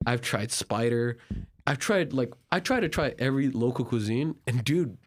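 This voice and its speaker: A man's voice: mid-range voice, moderate pace. Chatty young man from turkey telling travel stories, acts out the dialogue, lots of "like" and "dude". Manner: animated, filler-heavy, acts out dialogue. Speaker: podcast guest, traveler. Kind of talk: casual storytelling.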